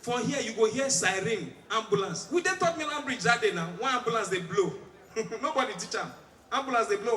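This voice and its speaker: On a large outdoor stage, a man with a Nigerian accent performs stand-up comedy, telling stories in Pidgin and imitating sirens and other people's voices. His voice is very high-pitched, expressive, and fairly quick. The stage mic sits at a distance, picking up an echoey live venue and crowd noise.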